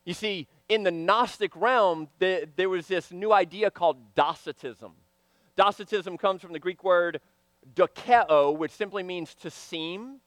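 A man preaching a sermon, swinging from loud emphatic lines to hushed, quiet ones. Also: sits high, measured pace, dry recording.

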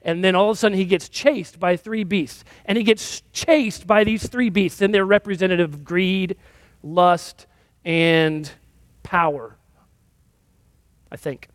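A man's voice: high-pitched, a little slow, no echo. A male pastor giving a sermon in a conversational, self-deprecating storytelling manner.

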